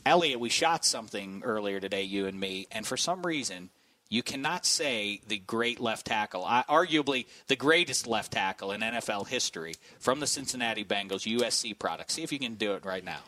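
A man's voice: fairly low pitch, lively intonation, fairly quick, pushed and bright, dry recording, recorded from a distance. A man hosting a sports panel show, talking casually in a wry, teasing way.

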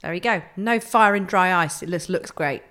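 A woman's voice: lowish voice, normal speed, a bit bright. Wry, giggly woman podcaster. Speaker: podcast co-host. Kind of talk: casual chat.

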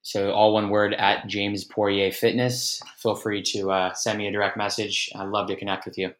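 A man guesting on a podcast as a fitness coach, talking in a warm, affirming, grateful way. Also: lowish voice, flat delivery, normal speed. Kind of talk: casual chat.

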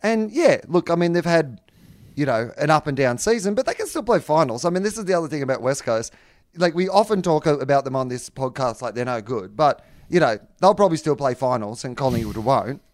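A man's voice: a little high, big pitch swings, brisk, dry recording, clean studio sound. An Australian man co-hosting a sports podcast, chatting casually with lots of fillers and some swearing. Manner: loose, swearing, frequent fillers. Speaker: podcast co-host.

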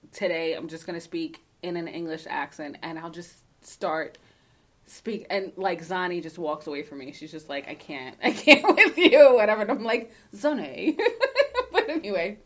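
A woman's voice: on the low side, moderate pace. A woman co-hosting a casual podcast, talking emphatically and passionately, cursing freely and laughing often, and at times reading a listener's letter aloud. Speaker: podcast co-host.

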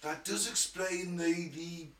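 A man's voice: sits high, steady tone, takes it slowly, a bit bright. A man co-hosting a podcast, teasing and laughing in casual banter. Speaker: podcast co-host. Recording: roomy echo, slightly off-mic.

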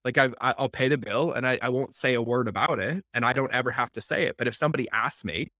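Bright-voiced man hosting a podcast. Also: medium pitch, fast, no echo, studio quality. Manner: rambling, retells dialogue with lots of "I was like". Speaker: podcast host. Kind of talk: conversational podcast interview.

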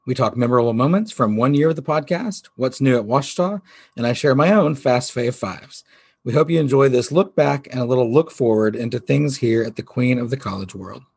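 A man's voice: medium pitch, gravelly, husky. A man from Southwest Missouri, a podcast host being interviewed, chatting casually and animatedly acting out the people in his story. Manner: chatty, animated retelling with quoted voices.

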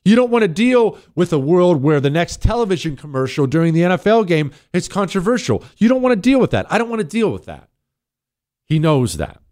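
A man hosting talk radio in a fairly high voice. He speaks emphatically, hammering points through repetition. His voice jumps up sharply when he pushes a point. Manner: emphatic, repetitive, rising to sudden high peaks.

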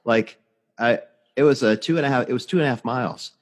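A man's voice: medium pitch, fast, long reverb tail. A man in his forties, a podcast host telling stories in casual chat, blunt and swearing freely. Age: 40s.

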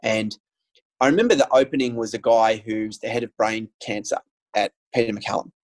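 A man's voice: lowish voice, steady tone, a little fast, rough recording. A man, a guest telling a personal story in casual conversation, earnest and candid, with frequent ums and restarts. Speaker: guest sharing his story.

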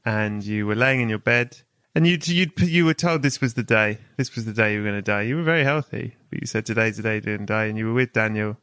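A man's voice: mid-range voice, fast talker, a bit bright, clear, resonant tone, no room sound. A man hosting a podcast, chatting casually and spinning a long, playful, whimsical tale for his guest. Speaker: podcast host. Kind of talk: casual chat with comic storytelling.

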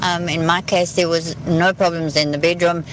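A woman's voice: fairly low pitch, little pitch movement, moderate pace, background noise. A woman in her sixties calling in to a radio show, blunt and matter-of-fact. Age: 60s. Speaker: caller. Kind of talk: radio call-in.

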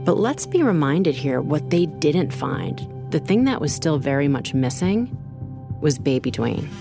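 A woman with a notably low voice hosts a true crime podcast. She narrates in a measured, earnest way. There is soft music underneath. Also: big pitch swings. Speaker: podcast co-host.

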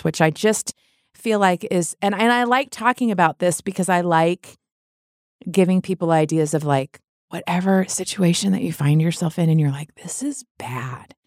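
A woman's voice: on the low side, no room sound, clean studio sound. A middle-aged woman telling personal stories in a candid, chatty way, often laughing and restarting her sentences. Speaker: guest. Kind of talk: candid conversational storytelling.

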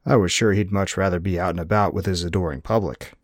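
Low-voiced male audiobook narrator. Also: steady tone, quick pace, no echo, studio quality. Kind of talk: scripted first-person narration.

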